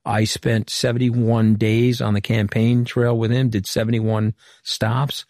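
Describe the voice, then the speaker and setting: A man's voice: on the low side, level tone, measured pace, darkish tone, no echo, studio quality. A middle-aged man from Long Island, giving an interview guest's candid, anecdotal account and acting out past conversations. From Long Island, New York. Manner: candid, anecdotal, recounts dialogue. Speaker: interview guest, former White House communications director. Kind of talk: interview storytelling.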